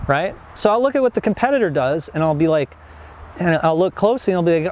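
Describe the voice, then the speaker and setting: A man's voice: a little high, animated, brisk, a little mellow, slight background noise. A young man teaching an online business course in a casual, rambling way, full of fillers and restarts. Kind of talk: casual instructional talk.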